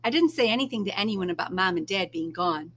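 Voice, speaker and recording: A woman reading a first-person novel aloud in a soft, unhurried storytelling manner, now and then dropping to a hush. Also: mid-range voice, lively intonation, a little hiss or hum. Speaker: reader.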